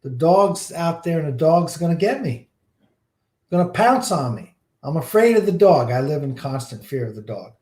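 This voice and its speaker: A man's voice: a little high, very animated, moderate pace, warm tone, reverberant. A man voicing a timid, fearful male mouse that pleads anxiously, as an acted quote in a teaching story.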